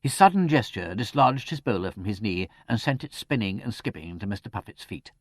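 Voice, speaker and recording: Expressive male audiobook narrator. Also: fairly low pitch, a little fast, no echo, clean studio sound. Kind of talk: scripted narration.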